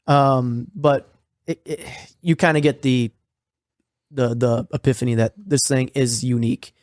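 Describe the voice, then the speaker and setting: A man co-hosting a podcast recaps a horror series in loose, rambling talk, swearing freely and leaning on fillers. His voice sits at an ordinary middle pitch. The recording is dry and close, with no room echo. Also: steady tone, measured pace, a little mellow. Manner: profane, rambling, filler-heavy. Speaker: podcast co-host.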